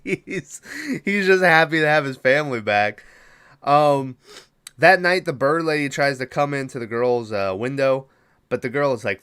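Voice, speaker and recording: On his podcast, a young man casually retells a horror film, cursing, using fillers and quoting lines as he wanders through the plot. His medium-pitched voice is animated, smooth and fairly bright, at a measured pace.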